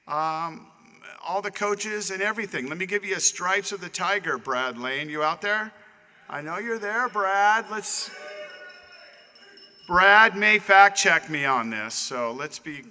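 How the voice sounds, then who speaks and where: A Hall of Fame inductee, a man in his fifties from Southern California, speaks in a high, sharp voice. His acceptance speech at a dinner is chatty, and he calls out to people in the audience. The banquet hall gives the recording a long reverb.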